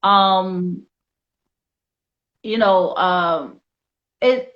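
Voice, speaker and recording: A woman's voice: medium pitch, slow pace, a bit bright. A woman hosting a casual discussion show who speaks in an earnest, informal and opinionated way. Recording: slightly dull lo-fi sound.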